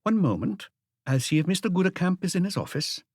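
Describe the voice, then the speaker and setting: A man's voice: high-pitched, big pitch swings, fairly quick, dry recording, clean studio sound, voice pushed up, exaggerated voice. A man voicing a cheerful young woman receptionist with a slight Dutch accent, polite and formal.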